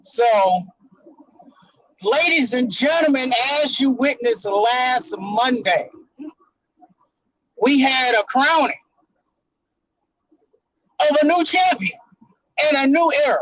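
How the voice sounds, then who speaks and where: A man co-hosting a casual wrestling talk show, talking in an emotional, preacher-like way with dramatic pauses. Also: very high voice, lively intonation, bright, forceful tone, no echo, rough recording. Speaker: podcast co-host.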